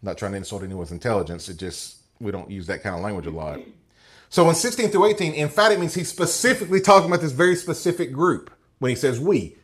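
Speaking fast with lively intonation at medium pitch, a man works through a Bible passage with his class. He reads verses out loud and regularly checks in by asking "okay?" or "right?".

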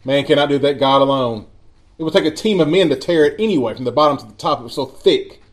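A man preaching a sermon in a church, reading scripture slowly with emphatic pauses. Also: fairly high pitch. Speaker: pastor.

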